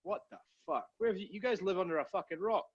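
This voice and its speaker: A man's voice: high-pitched, fast talker, breathy edge, highs cut off. A man co-hosting a casual podcast, rambling and swearing as he tells stories. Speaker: podcast co-host. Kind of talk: casual banter.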